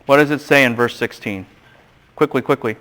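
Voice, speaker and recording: A man giving a classroom lecture, lively and emphatic, often quizzing his students and acting out quoted voices. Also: mid-range voice, brisk, low-quality recording. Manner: animated, asks the class questions and acts out voices. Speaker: seminary lecturer.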